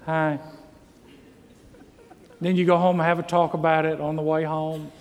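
A middle-aged pastor preaches to his congregation with earnest, repeated rhetorical questions. His voice sits a little high for a man. The church hall rings with a long reverb. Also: level tone, fast talker. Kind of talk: sermon. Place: church sanctuary. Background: congregation calls amen.

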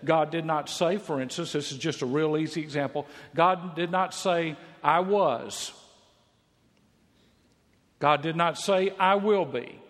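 A man's voice: on the high side, fairly even intonation, normal speed, few pauses, fairly bright tone. A man preaching a sermon, emphatic, repeating key phrases for stress. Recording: long reverb of a large hall.

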